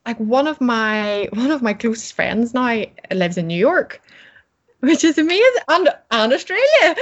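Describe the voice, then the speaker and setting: A woman who works as a coach is interviewed casually, chatting cheerfully about her business and plans and laughing often. Her voice is on the high side and sing-song, at a measured pace, and the audio sounds slightly dull.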